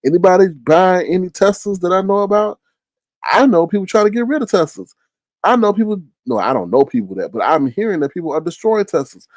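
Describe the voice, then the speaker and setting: A man's voice: high-pitched, big pitch swings, a little fast, darkish tone, dry recording. A man hosting a live stream, reading viewers' chat and talking back bluntly in loose, slangy casual commentary. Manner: chatty, talks straight to viewers by name, slangy and blunt.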